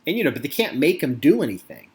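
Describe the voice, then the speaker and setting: Animated, swearing American man ranting. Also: fairly high pitch, fast. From United States. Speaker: podcast host. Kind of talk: casual podcast chat.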